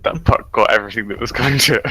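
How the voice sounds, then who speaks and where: A man's voice: medium pitch, fairly bright tone. A man playing in a tabletop game, chatting casually and protesting in jest. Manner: mock-indignant, joking protests. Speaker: player.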